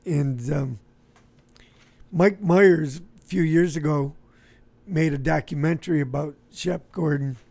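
Man, hoarse, gravelly, husky, casual rambling host chat. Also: fairly high pitch, slow pace. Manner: relaxed, rambling chatter with frequent fillers.

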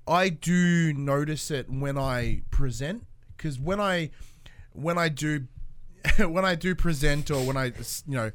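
A man's voice: on the high side, a little slow, a bit bright. A man from Australia with an Australian accent, chatting on a podcast, telling stories and swearing casually. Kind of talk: casual roundtable chat.

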